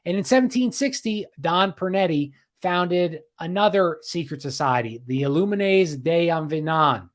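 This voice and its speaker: A man's voice: fairly high pitch, expressive, normal speed, hardly any pauses. Man, podcast host, casual livestream history talk, rambling, restarts and repeats, reads out chat comments.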